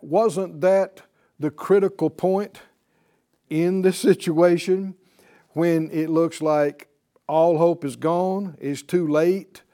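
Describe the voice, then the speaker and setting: A man with a high, mellow voice teaches a Bible class at an unhurried pace. He presses his points with emphasis, circles back to repeat them, and keeps firing questions at his students.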